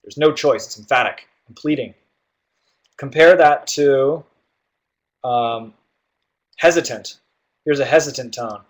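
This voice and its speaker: Male tutor, mid-pitched, explains test prep casually with lots of "um" and "right?". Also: a little slow, long pauses. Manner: explanatory, with frequent fillers and "right?" check-ins. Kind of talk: guided test-prep walkthrough.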